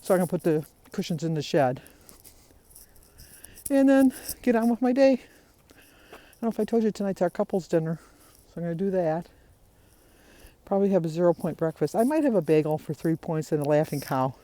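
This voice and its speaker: Rambling chatty woman vlogger, low voice. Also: expressive, normal speed, long pauses, mellow. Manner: rambling, chatty, talks straight to viewers. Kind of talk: casual vlog chat.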